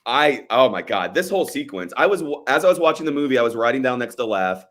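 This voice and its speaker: A man co-hosting a casual movie podcast, animated and profane, often acting out scenes as he talks. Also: medium pitch. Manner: fast, animated, profane, acts out film scenes. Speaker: podcast co-host. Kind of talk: casual movie review chat.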